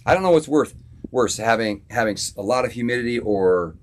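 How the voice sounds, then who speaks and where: A man from Florida, a musician hosting a live stream from his home studio, chatting casually with viewers, laid-back and quick to laugh. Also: medium pitch, expressive, a little hiss or hum.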